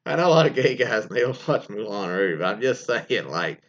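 A man's voice: lowish voice, very animated, fairly quick, a bit bright, muffled recording. A man casually reading out and joking about listener stories, rambling with lots of fillers and restarts. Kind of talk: casual comedic commentary.

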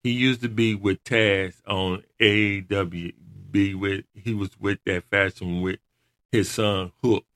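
A man chatting casually in loose grammar, rambling and laughing often as he tells animated stories. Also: fairly low pitch, takes it slowly. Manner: animated storyteller. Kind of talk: casual chat watching wrestling.

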